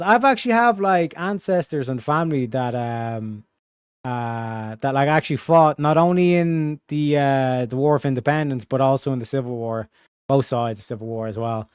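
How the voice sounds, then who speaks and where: A man's voice: medium pitch, normal speed, smooth, no room sound, clean studio sound. Slangy male streamer. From Ireland. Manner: rambling, slangy, reads donations aloud. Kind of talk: casual live-stream commentary.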